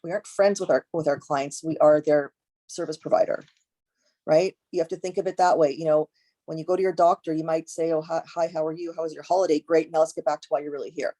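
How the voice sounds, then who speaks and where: A woman's voice: low voice, fairly even intonation, a little fast, dark tone. A woman esthetician being interviewed, talking emphatically, repeating key words and acting out exchanges with clients. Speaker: guest esthetician. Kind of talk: conversational interview.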